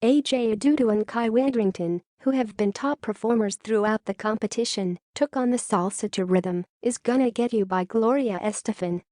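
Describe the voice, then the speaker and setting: A woman narrating a scripted entertainment news story in an even read-aloud delivery. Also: a little high, moderate pace, hardly any pauses, dry recording, studio quality.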